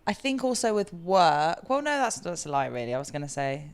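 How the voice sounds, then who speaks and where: A young English woman hosting a podcast, chatty and quick to laugh. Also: fairly low pitch, big pitch swings, clear, resonant tone. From England. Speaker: podcast host. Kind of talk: casual chat.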